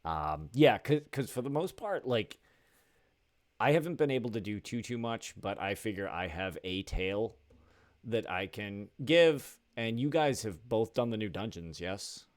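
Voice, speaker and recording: Drunk deep-voiced man rambling. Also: animated, no echo, clean studio sound. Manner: rambling, swearing, halting restarts. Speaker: podcast host. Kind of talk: casual chat while setting up a stream.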